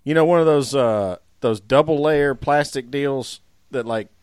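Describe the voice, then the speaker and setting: A man's voice: mid-range voice, a little slow, darkish tone, smooth, no room sound, clean studio sound. A man in his thirties co-hosting a podcast, telling a long story in a rambling, laughing casual chat. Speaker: podcast co-host.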